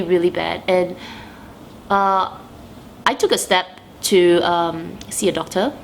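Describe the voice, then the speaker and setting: A woman's voice: fairly low pitch, slight background noise. A young adult woman talking candidly to camera in a vlog, with many restarts as she quotes her own inner voices. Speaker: vlogger answering viewer questions. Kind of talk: candid personal talk to camera.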